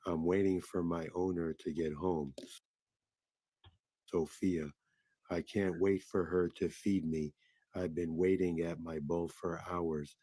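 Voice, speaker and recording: A man voicing a hungry male pet dog who waits eagerly by his bowl and barks in a slow, sing-song way. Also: low voice, fairly even intonation, dark tone, dry recording.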